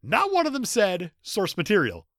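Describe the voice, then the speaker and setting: A man's voice: high voice, wildly swooping pitch, normal speed, fairly bright tone, dry recording, clean studio sound. A man co-hosting a podcast in casual chat, sarcastic and joking. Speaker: podcast co-host.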